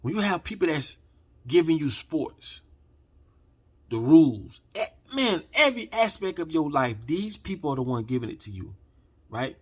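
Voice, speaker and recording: Husky man ranting, heated and profane. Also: on the high side, very animated, normal speed. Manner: heated, profane, preachy, swings from quiet to shouting. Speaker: channel host. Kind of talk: impassioned rant to camera.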